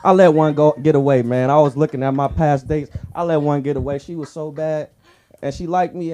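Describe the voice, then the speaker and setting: A man's voice: a little high, steady tone, fairly quick, mellow. A man doing a stand-up set at a comedy club, talking in loose, swaggering street slang. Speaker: stand-up comic.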